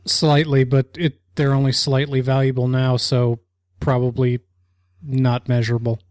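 A man at an average pitch, heard close and dry with no room sound. He co-hosts a casual podcast chat, teasing the others and cursing offhandedly. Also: flat delivery, normal speed, a little mellow, no echo. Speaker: podcast co-host.

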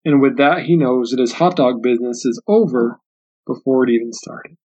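A man hosting a solo book discussion podcast, speaking in an earnest, reflective way and often restarting his sentences, and reading passages aloud slowly and carefully. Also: medium pitch, warm tone. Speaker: podcast host. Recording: dull, muffled lo-fi audio.

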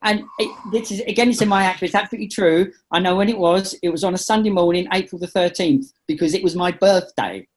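A middle-aged man, an impressionist, telling a funny story over a video call. He is animated and laughs at his own jokes. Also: high voice, quick pace, hardly any pauses. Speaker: impressionist and comedian guest. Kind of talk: casual anecdote telling.

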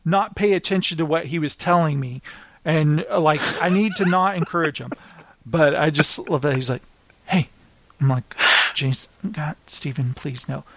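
A man hosting a podcast, telling stories in casual chat and mimicking friends with quick voice shifts. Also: on the high side, dry recording. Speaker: podcast host.

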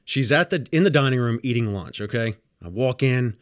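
A man's voice: medium pitch, fairly quick, no room sound, studio quality. A man who works as a home health nurse tells work stories in a casual, blunt, profane rant. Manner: animated, acts out dialogue in other voices. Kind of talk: casual storytelling monologue.

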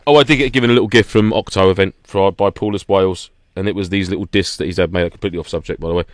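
A man's voice: deep voice, steady tone, very fast. A man co-hosting a podcast, ranting with laughter in a casual chat. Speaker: podcast co-host.

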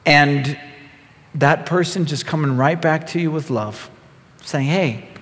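Pastor, male, high voice, earnest and halting, echoing church hall. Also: steady tone, a bit bright. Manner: earnest, stammering restarts, acts out quotes. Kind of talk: sermon. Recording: long hall reverb.

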